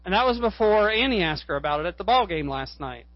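A man's voice: sits high, animated, fast talker, no echo. A male pastor preaching a sermon, a rambling storyteller who corrects himself and rises to fervent appeals. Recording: dull lo-fi recording.

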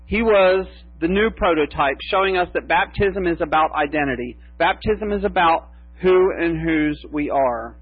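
A man preaching a sermon as pastor, slow and emphatic with long pauses. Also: on the high side, husky, dry recording. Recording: tinny phone-like sound with mains hum.

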